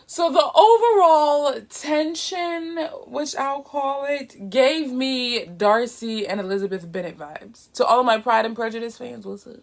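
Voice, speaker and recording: A woman reviewing holiday movies in an animated, chatty way. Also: sits high, unhurried, few pauses. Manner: animated, chatty, laughs often. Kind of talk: casual chat review.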